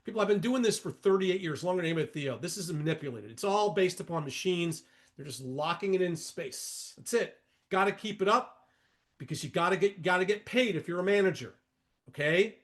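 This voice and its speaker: High-voiced man in his 60s teaching trading. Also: expressive, a little fast, a bit bright. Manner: emphatic, repetitive, folksy asides to viewers. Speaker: market educator. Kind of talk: trading lesson over charts.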